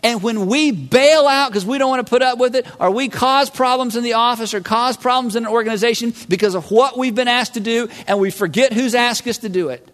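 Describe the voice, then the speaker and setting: A man preaching a sermon as a pastor, animated and acting out voices of listeners and God. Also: extremely high pitch, brisk, few pauses. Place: large church hall. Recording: long hall reverb.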